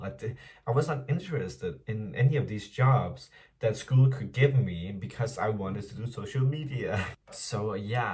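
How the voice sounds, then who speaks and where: Low-voiced young man in a candid vlog. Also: a little mellow, far from the mic. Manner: chatty and candid, addresses viewers as "girl", laughs often. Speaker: vlogger. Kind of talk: casual confessional vlog monologue. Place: home apartment.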